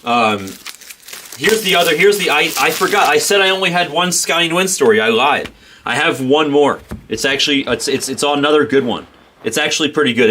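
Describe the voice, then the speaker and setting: A man's voice: fairly high pitch, sharp tone, a little hiss or hum, low-quality recording. A man hosting a live card break stream, telling a rambling story in casual chat. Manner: chatty, rambling, self-correcting. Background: tearing and crinkling card packs.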